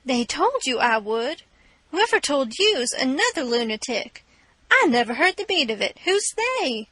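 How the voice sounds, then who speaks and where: A flustered older Southern aunt with a sharp tongue, her voice pitched high and bright, as a woman reader puts her on. She scolds indignantly, in a dry, close recording. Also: very animated, normal speed, no room sound, full character voice.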